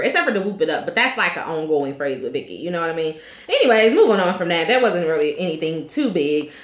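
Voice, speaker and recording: A woman in her thirties recapping a reality show in a chatty, opinionated way, full of fillers. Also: fairly low pitch. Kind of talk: casual recap vlog. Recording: echoey room.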